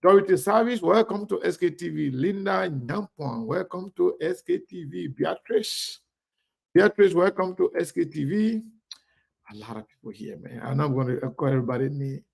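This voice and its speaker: Gravelly male live-stream host, slightly high voice, chatty name-by-name greetings. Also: lively intonation, normal speed. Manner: chatty, reads viewer names aloud warmly. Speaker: online show host.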